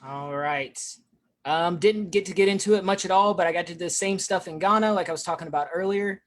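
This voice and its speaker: A featured speaker giving a presentation on accents, rushing through and filling pauses with "um". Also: medium pitch, a little hiss or hum. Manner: rushed, with frequent fillers.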